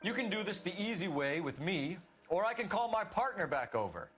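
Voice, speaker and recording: A man's voice: high-pitched, big pitch swings, fairly quick, a bit bright, faint music behind. An actor playing an earnest, stern male police detective in a game, pressing firmly and insistently for answers. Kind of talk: game dialogue.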